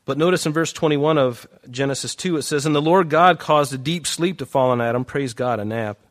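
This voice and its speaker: A man's voice: on the high side, brisk. A male preacher delivering a sermon in an emphatic, repetitive way. He walks his listeners verse by verse through scripture, stressing phrases by saying them again. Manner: emphatic, repeats key phrases.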